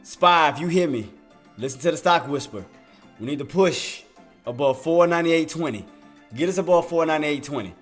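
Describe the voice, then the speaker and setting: A man playing the hushed mystic stock whisper. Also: a little high, voice pushed down, natural voice. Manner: soft hushed chanting. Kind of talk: whispered role-play.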